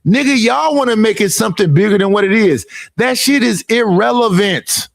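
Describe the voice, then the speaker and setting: Gravelly, high-voiced man in his fifties ranting. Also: normal speed, dry recording, studio quality. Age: 50s. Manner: profane, emphatic and repetitive, mimicking others. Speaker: streamer. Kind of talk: heated ranting monologue.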